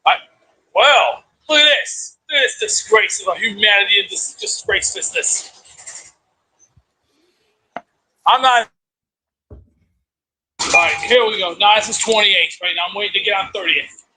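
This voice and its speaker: A man driving his route in a casual self-recorded clip, hurried and barking orders at people. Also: high voice, pushed and bright, slightly rough, rough recording.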